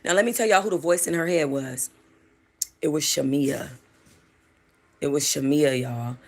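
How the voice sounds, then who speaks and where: Animated, profane woman dishing gossip. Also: sits low, normal speed. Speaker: host. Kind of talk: casual gossip commentary.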